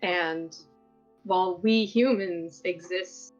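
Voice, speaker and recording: Woman doing a thoughtful elf adventurer: unhurried, earnest, rambling, recorded lo-fi. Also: lowish voice. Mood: musing. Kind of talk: in-character tabletop role-play. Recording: dull lo-fi audio, faint music.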